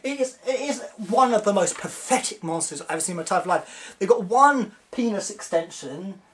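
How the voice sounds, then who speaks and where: A young man giving a casual video review, excitable and rambling, often mimicking the characters. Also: high voice, a little fast, slight background noise.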